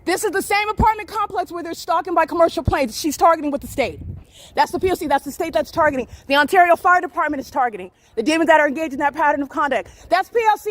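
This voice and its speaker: A woman's voice: very high-pitched, quick pace. A woman filming outdoors on a street by parked cars on a handheld phone, giving agitated, accusatory running commentary and repeating phrases insistently. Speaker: vlogger filming in public.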